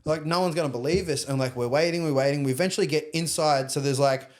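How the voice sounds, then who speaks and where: Australian man, young, slightly high voice, lively casual storyteller, swears freely. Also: fast. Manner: animated, acts out other people's lines, swears casually. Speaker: podcast guest.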